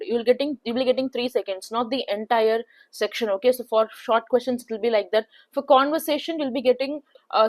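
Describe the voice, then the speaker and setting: A young woman with an Indian accent talking through test practice in a casual, filler-heavy way, often checking in with "okay". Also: a little high. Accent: Indian English. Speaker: placement test tutor. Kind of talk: casual spoken tutorial.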